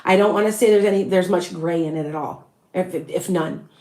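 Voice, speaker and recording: A woman's voice: lowish voice, fairly quick, a little mellow. A woman with a Chicago accent, a psychic medium talking casually on a livestream, chatty and self-assured, rambling from one thought to the next into a phone on a stand. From US Midwest. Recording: roomy echo.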